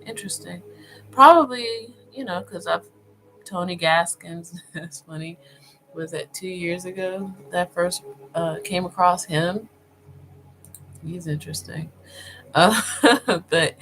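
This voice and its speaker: A woman vlogger talking casually as she browses online, thinking aloud with many pauses and fillers, and speaking directly to her viewers. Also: on the low side, fairly bright tone, rough recording. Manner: addresses viewers informally.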